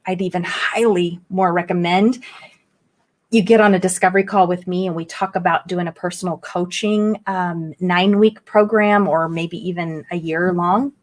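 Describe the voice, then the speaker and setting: A middle-aged woman spiritual coach chatting live with her viewers in a bubbly, effusive way, reading their comments aloud. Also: lowish voice. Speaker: spiritual medium and coach hosting a live stream. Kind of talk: casual live-stream chat. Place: home in the southern United States.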